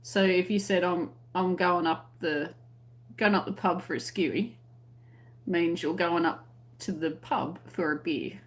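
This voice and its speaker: A woman's voice: lowish voice, a little slow. An Australian woman hosting a crochet live stream, chatting casually and reading out viewer comments, friendly and laughing often. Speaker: crochet channel host.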